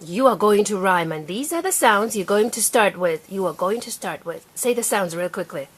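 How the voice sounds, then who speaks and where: A young woman patiently teaching her small child to read, sounding out each word slowly and clearly. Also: medium pitch, animated. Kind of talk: reading lesson with a preschooler.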